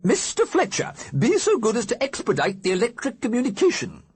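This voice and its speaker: A man putting on a pompous, shrill ghost lady. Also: wildly swooping pitch, a little fast, slightly rough, heavily acted. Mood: imperious. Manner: pompous, commanding. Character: imperious dead Edwardian lady, bossy.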